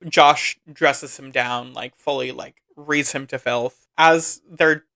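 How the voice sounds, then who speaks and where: A man's voice: mid-range voice, fairly even intonation, slow, vocal fry, sharp tone. A man hosting a podcast, chattily recapping a film with lots of asides and "like.". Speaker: podcast host.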